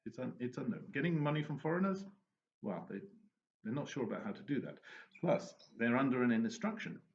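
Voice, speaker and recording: A man telling anecdotes and giving advice in a relaxed, casual monologue, often restarting his sentences. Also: mid-range voice, a little fast. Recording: dull lo-fi recording with faint noise.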